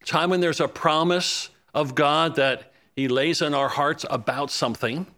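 A man delivers a sermon with a bright, forceful voice pitched a little high. He preaches fervently, climbing into urgent pleading when he quotes prayers and sinking low and soft when he lists everyday needs. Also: steady tone, unhurried.

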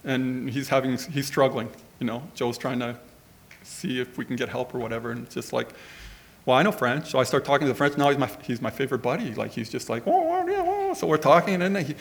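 A middle-aged man, gravelly and a touch creaky at the ends of his phrases, preaching through a personal anecdote. He rambles in a conversational way, full of asides, at an ordinary pitch. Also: a little fast, a bit bright. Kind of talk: storytelling sermon.

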